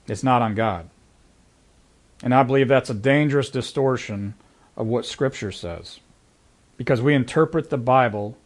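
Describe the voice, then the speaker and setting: A man preaching a sermon in an earnest, conversational way, leaning into key lines with sudden emphasis. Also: mid-range voice. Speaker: pastor.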